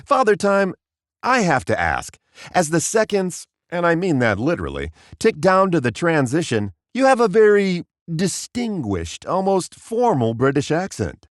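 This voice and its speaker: A man hosting a comedy interview show with a wry, deadpan manner. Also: a little high, normal speed, no echo, clean studio sound. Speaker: talk show host.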